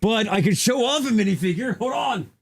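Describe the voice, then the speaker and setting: A man's voice: sits high, expressive, brisk. A man streaming as a VTuber in a casual chat, talking with rambling enthusiasm and frequent restarts.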